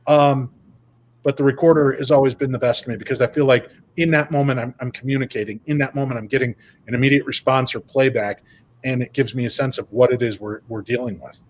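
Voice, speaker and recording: A man guesting on an interview over a video call, telling stories in an animated, casual way. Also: mid-range voice, quick pace. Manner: animated, retells events with quoted dialogue. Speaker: paranormal investigator guest.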